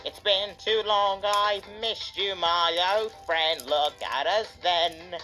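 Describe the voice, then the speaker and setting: A woman's voice: fairly low pitch, takes it slowly, sharp tone, faint music behind. A woman voicing a male diesel engine in a fan cartoon, drawling in a nostalgic way.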